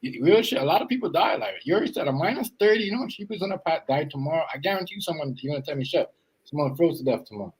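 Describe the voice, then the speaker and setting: A man's voice: a little high, animated, rapid-fire, few pauses, slight background noise, rough recording. A man hosts a laid-back podcast conversation. His talk is loose and rambling, and he circles back over the same phrases again and again. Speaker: podcast host. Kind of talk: casual chat.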